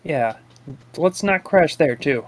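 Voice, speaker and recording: Lively wisecracking man in game chat. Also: fairly high pitch, takes it slowly, dry recording. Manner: dry wisecracking. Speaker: gaming commentator. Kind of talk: casual gaming chat.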